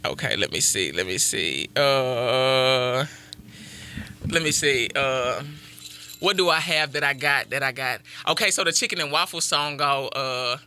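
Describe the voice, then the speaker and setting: A man, a rapper guest on a radio show, talking quietly and rapping in a relaxed, rhythmic way into a studio mic. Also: mid-range voice, measured pace, clean tone. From Texas, USA. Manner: laid-back, quiet rhythmic delivery. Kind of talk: radio interview chat and freestyle rap.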